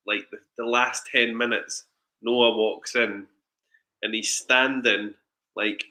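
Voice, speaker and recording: A man's voice: fairly low pitch, sharp tone. A man hosting a podcast, talking casually and chattily, often stumbling and restarting his sentences. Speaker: podcast host.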